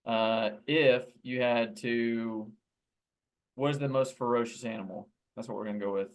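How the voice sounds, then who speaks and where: A man's voice: mid-range voice, steady tone, normal speed. A man co-hosting a podcast, talking in a laid-back, teasing way and laughing often during casual chat. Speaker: podcast co-host.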